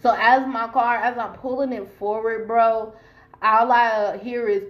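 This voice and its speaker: A woman's voice: on the high side, fairly even intonation, measured pace, dull audio. A woman from Long Beach, California, telling a personal story to camera in an emphatic, profane way, addressing her listeners directly. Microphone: camera mic while filming herself.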